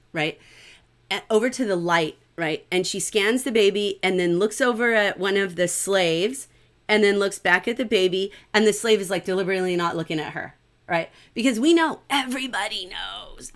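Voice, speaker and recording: A middle-aged woman teaching a livestreamed literature class in an animated, conversational way, often checking in with "right?". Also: medium pitch.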